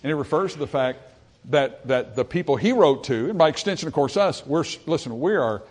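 A man preaching a sermon to his congregation in an earnest voice. He rises for emphasis and then drops low and quiet. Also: lively intonation, a little fast. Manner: reads scripture in old-style phrasing.

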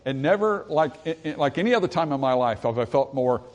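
A man preaching a sermon to his congregation in an earnest voice. He rises for emphasis and then drops low and quiet. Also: expressive, brisk. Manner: reads scripture in old-style phrasing.

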